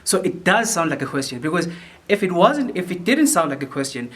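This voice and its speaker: A man's voice: high voice, very animated, a little fast, a bit bright. A man conducting a choir rehearsal, explaining phrasing and sometimes singing lines to demonstrate, with many restarts and fillers. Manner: repeats words while thinking, many fillers. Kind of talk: choral rehearsal instruction. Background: piano.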